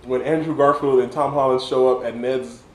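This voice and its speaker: A man, a little drunk, reviewing a movie in a casual monologue, excited and rambling, stumbling over words and restarting often. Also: mid-range voice, normal speed, echoey room, low-quality recording. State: tipsy.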